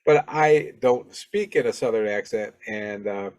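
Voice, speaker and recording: Rambling, low-voiced male podcast host. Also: a little slow, darkish tone. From Alabama. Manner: rambling, many fillers and restarts. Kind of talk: casual solo podcast talk.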